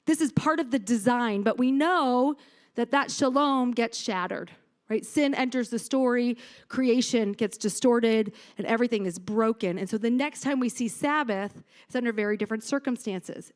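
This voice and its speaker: Woman preacher, high-pitched, earnest teaching sermon with scripture readings.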